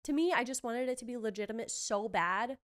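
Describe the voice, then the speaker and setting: A woman hosting a podcast, chatting casually and gushing excitedly through a recap with quick asides. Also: fairly high pitch. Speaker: podcast host. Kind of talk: casual chat recapping a trailer.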